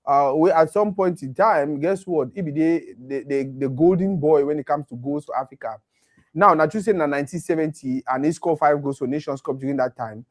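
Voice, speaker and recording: Animated Nigerian man, slightly high voice. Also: brisk. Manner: animated, mixes Pidgin with English. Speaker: co-host. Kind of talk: casual football chat.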